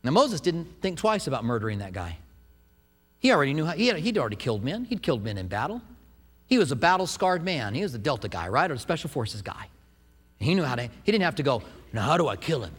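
A man preaching a sermon, retelling a scripture story with animated storytelling. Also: a little high, fast, breathy edge. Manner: animated storytelling, acts out quotes. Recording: echoey hall.

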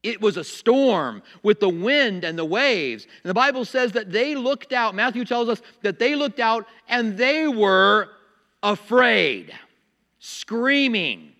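A man preaching a sermon as pastor, animated, acting out little voices and laughing at his own jokes. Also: high voice, takes it slowly, big-room sound.

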